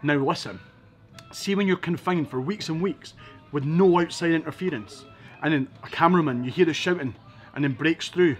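A Scottish man telling his life story in a casual interview, quick and lively, acting out the people in his stories. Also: fairly high pitch, faint music behind. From Scotland. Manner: fast, lively storytelling with acted-out quotes.

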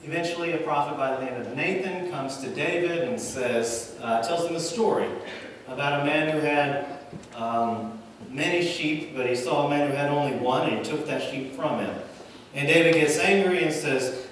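A male pastor preaching a sermon, with dramatic pauses and swells and drops in volume. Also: on the high side, fairly bright tone, slight background noise. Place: church sanctuary. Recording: echoey church hall from far off, faint ambience.

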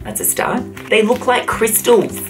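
An Australian man hosting a casual taste-test vlog, talking in an animated, theatrical and sassy way. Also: high voice, a little slow, music in the background. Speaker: YouTuber.

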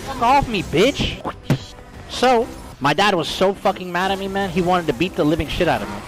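A man's voice: sits high, expressive, moderate pace, over music. A man streaming a game while telling a story in casual, profane slang, calling his listeners bro.

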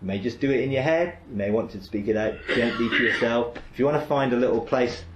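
A man's voice: mid-range voice, fast, heavy background noise. Man teaching in an echoey room. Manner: conversational, rambling, with frequent "you know" and restarts. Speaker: Christian teacher leading a meditation exercise. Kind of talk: informal teaching session. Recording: roomy echo.

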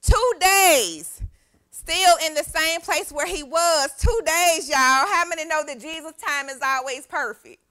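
Young woman, youth pastor sermon, exuberant call-and-response, high bright voice. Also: a little slow. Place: church.

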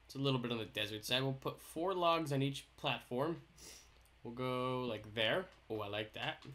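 A young gaming YouTuber hosts a casual let's-play commentary in a medium-pitched, slightly bright voice at normal speed. He chats in a goofy, playful, jokey way while he builds.

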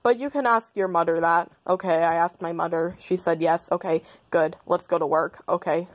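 Woman rambling silly nonsense and bickering with herself, kinda low voice, dry muffled audio. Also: level tone, normal speed. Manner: silly, playful, argues back and forth with herself. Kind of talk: rambling stream-of-consciousness monologue.

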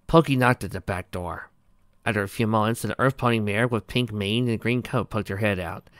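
A man narrating a fan fiction chapter aloud in a plain, even storytelling read. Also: lowish voice, moderate pace, clear, resonant tone, no room sound, clean studio sound.

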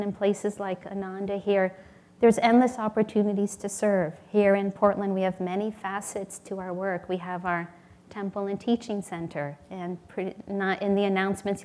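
A woman's voice: mid-range voice, little pitch movement, moderate pace, warm tone. A woman giving a sermon at a spiritual community temple, earnest and storytelling, acting out little voices in her anecdotes.

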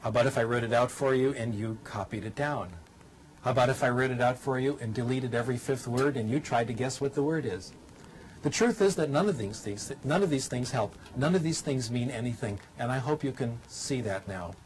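A man's voice: medium pitch, brisk, slight background noise, poor audio. An older man lecturing to a studio audience in a dry, humorous way, teaching by demonstration.

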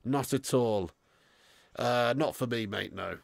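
A man's voice: mid-range voice, slow, vocal fry, dry recording. A young man hosting a live football watch-along, reading out viewer comments and sounding frustrated, blunt and given to casual swearing. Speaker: football fan channel host.

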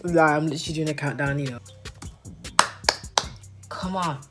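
A woman's voice: sits low, normal speed, soft background music. A young woman chatting casually to her phone camera in her bedroom, giggling often and drawing out her exclamations. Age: young adult. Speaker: vlogger. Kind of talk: casual vlog chat.

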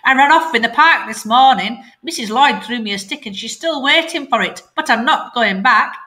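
A woman's voice: a little high, expressive, moderate pace, pushed and bright, voice pushed up. A woman voicing a pampered male lapdog who has run away, speaking in a smug, chatty way.

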